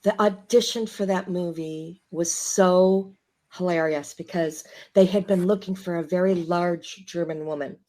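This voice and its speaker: A woman from Chicago, a guest actress telling stories in casual chat, animated and laughing as she acts out the people she quotes. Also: lowish voice, a little slow. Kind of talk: casual storytelling.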